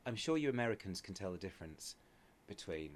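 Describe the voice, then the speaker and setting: A host chats in a low-pitched voice, playful and meandering as he asks questions. He laughs easily between thoughts. A faint room hiss sits under the recording. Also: big pitch swings, quick pace. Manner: playful, rambling, laughs often. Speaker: podcast host. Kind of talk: casual interview chat. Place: theatre dressing room.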